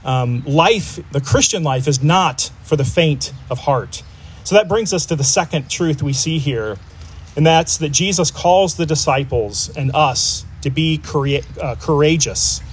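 A man's voice: a little high, a little slow, slight background noise. A man preaching a sermon to a congregation in a conversational way, with frequent fillers and restarts. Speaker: pastor.

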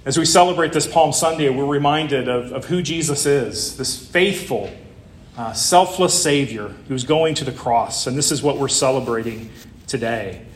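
A man's voice: medium pitch, moderate pace, slight background noise. Man preaching in an echoey room. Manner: conversational, with rhetorical questions. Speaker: pastor. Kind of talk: sermon.

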